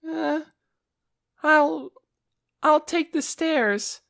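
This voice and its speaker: A timid young dark elf boy, very high, stammering, hesitant, audiobook. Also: extremely slow, vocal fry, exaggerated voice. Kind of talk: audiobook character voice.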